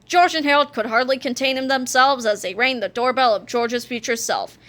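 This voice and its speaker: A woman reading a children's chapter book aloud, with expressive, animated storytelling. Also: sits high, normal speed. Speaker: read-aloud narrator.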